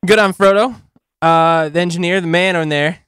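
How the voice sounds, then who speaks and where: A man's voice: sits high, moderate pace, crowd noise. A young man hosting a show, chatting casually in a giggly, enthusiastic way. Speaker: podcast host. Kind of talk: casual chat.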